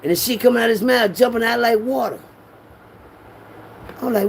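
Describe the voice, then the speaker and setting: A middle-aged man, telling a street story in an animated way and raising his voice to act out quotes. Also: brisk, gravelly, long pauses, slight background noise. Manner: animated, acts out quotes with raised pitch.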